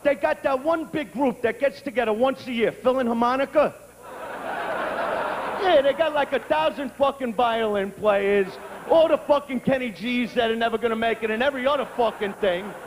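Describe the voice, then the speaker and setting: Brash high-pitched man shouting stand-up. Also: moderate pace, a little hiss or hum. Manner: brash, profane, bursts into shouting. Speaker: stand-up comedian. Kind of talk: live stand-up routine. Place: stage before a live audience. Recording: reverberant live venue with crowd.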